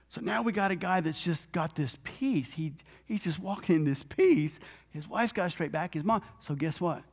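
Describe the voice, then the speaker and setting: Lively high-voiced man telling a testimony. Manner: animated, acts out the people in his story; joking asides. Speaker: minister. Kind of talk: testimony storytelling.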